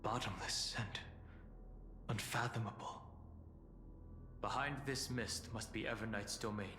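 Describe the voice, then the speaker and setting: An actor voicing a serious, calm young man in a game, speaking in a measured, grave way. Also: fairly low pitch, noisy background, lightly acted. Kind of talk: game voice acting. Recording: reverberant game audio with music.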